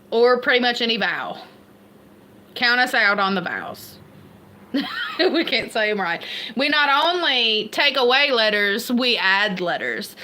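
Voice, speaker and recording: A woman's voice: on the high side, sharp tone. A woman from Kentucky with an Appalachian accent, chatting casually and rambling on a livestream, laughing at herself. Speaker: homestead livestream host.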